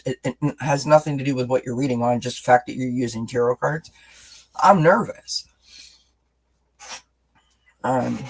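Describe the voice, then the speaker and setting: A man's voice: medium pitch, poor audio. Chatty, rambling male tarot reader. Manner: rambling and chatty, with many restarts; talks directly to viewers as friends. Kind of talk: live-streamed tarot reading chat.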